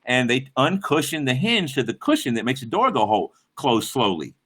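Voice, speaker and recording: A middle-aged man rambles through a story on his livestream, swearing freely and breaking off to greet chat. His voice is bright and forward, swinging widely up and down in pitch. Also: very animated, normal speed, breathy edge. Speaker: livestream host.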